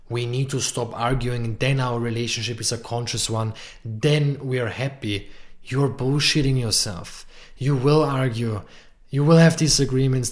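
A man hosting a podcast, giving earnest, emphatic relationship advice and repeating key lines for weight. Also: mid-range voice. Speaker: podcast host, relationship coach. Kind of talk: monologue podcast teaching.

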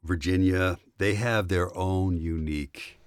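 A man who narrates audiobooks, chatting casually as a podcast guest in an animated, talkative way. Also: low-pitched, measured pace, clear, resonant tone, dry recording, clean studio sound. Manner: animated, chatty, warm reminiscing. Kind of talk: casual interview chat.

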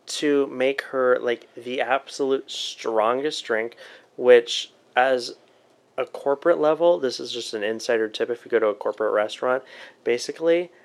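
A young man in casual chat, tipsy with the hiccups, talking loosely and swearing. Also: mid-range voice.

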